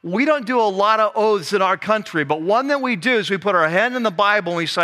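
A male pastor giving a conversational, animated sermon, acting out the scenes he describes. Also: high-pitched, fast, hardly any pauses.

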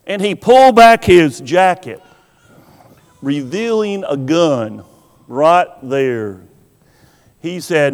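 A high-pitched man preaching in a slow, deliberate way. He asks rhetorical questions and leaves dramatic pauses, and his voice rings out with a long hall reverb behind it. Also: lively intonation. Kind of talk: sermon.

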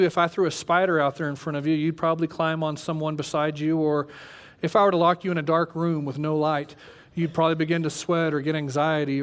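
A man in his thirties preaching, telling a story with lively, animated delivery and acting out his own panic. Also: on the high side. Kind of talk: sermon storytelling.

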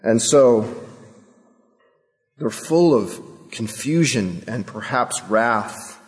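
A man's voice: mid-range voice, lively intonation, very slow. A male pastor preaching a sermon, emphatic and full of rhetorical questions. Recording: long hall reverb.

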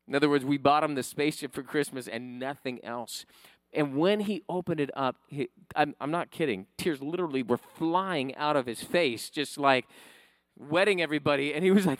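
A high-pitched male pastor telling a personal story from the pulpit and rising to fervent, emphatic preaching. The sound is dry and close. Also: normal speed, dry recording.

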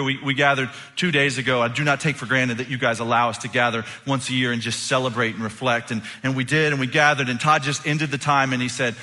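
Bright-voiced pastor preaching in a reverberant hall. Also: male voice, medium pitch, fast talker, few pauses. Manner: animated, humorous storyteller with sudden loud and soft swings. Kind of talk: sermon with personal storytelling. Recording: long hall reverb from a large room.

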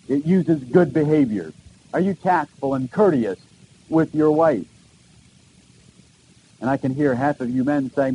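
A middle-aged male pastor preaching with an earnest, questioning delivery and emphatic repetitions. His voice sits a little high for a man yet sounds dark and mellow. A faint hiss of noise runs behind him. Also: low-quality recording. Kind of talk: sermon.

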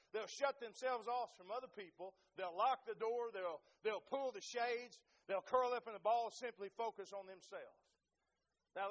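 A man's voice: high voice, fairly bright tone, highs cut off. A middle-aged male pastor preaching a sermon earnestly, with repetitive phrasing and direct appeals to his listeners.

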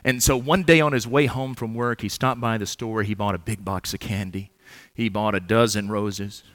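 A man's voice: on the low side, fairly even intonation, no room sound. Earnest male preacher, dry close sound. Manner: earnest, measured preaching with gentle humor. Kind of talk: sermon. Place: church.

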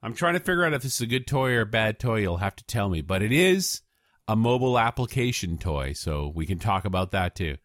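Lively man spelling out links like a pitchman. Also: brisk, no room sound, clean studio sound. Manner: lively pitchman delivery, spells out web links in phonetic alphabet. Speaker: podcast co-host presenting tech gifts. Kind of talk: casual podcast banter, mock sales pitch.

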